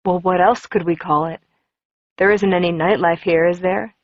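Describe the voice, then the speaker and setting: A woman voicing a mysterious, gentle teenage boy in an audiobook, speaking softly and low-key. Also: fairly even intonation, normal speed, dry recording, highs cut off, lightly acted.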